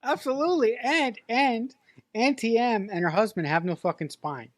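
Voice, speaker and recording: A woman's voice: a little high, dry recording, studio quality. A woman co-hosting a podcast in a casual movie review chat, playful and joking. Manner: playful, quick to laugh, joking. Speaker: podcast co-host.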